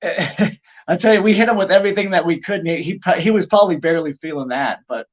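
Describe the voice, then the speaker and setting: A middle-aged man, a pro wrestler guest on a podcast, telling anecdotes in an animated, casual way with lots of "like" fillers. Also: high-pitched, fast talker, lo-fi sound.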